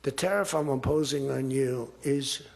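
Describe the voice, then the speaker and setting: Man speaking in a big hall, off-script, boastful, repeats himself, gravelly. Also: medium pitch, normal speed. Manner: rambling, boastful storytelling with repetition. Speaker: political speaker. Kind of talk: off-the-cuff political speech. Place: large auditorium.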